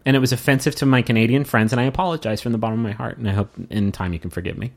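A man's voice: medium pitch, very fast, creaky. A man co-hosting a podcast in casual chat, joking and mocking himself. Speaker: podcast co-host.

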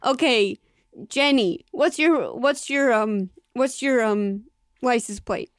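Female co-host, playful, slightly high voice, dry mic. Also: slow pace, dry recording. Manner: playful, giggly. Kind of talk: casual comedy podcast chat.

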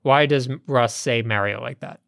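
A man co-hosting a podcast, reading listener questions and telling anecdotes in a relaxed, chatty way. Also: medium pitch, normal speed, vocal fry, smooth, dry recording, studio quality. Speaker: podcast co-host. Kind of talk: casual chat and anecdotes.

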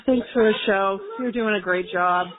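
A woman's voice: mid-range voice, measured pace, noisy background. A mother calling in to a podcast, weary and sighing as she talks. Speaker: caller, mother of a toddler. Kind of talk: voicemail to a podcast. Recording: tinny phone line.

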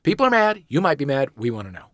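A man hosting a comedy podcast, brisk and animated, swearing freely as he sets up the prompts. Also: fairly high pitch, no echo, studio quality. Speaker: host.

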